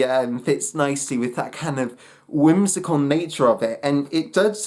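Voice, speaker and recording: A man's voice: mid-range voice, darkish tone. A man giving a casual spoken album review, hesitant and full of fillers and restarts.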